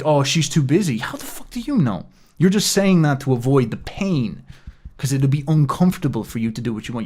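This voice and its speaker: A man talks about philosophy in a heated, preaching monologue. He swears often and drops into mocking impressions of the people he criticizes. His voice sits at a middle pitch. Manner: animated, swears, mocks others in put-on asides. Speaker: philosophy commentator. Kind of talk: impassioned monologue.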